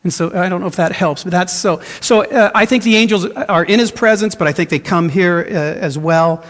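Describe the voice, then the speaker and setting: A man preaching as pastor, his fairly high voice carrying an earnest, searching tone. He tells a personal story, often restarting his sentences. The sound rings with the long reverb of a church hall. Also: brisk, a bit bright. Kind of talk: sermon.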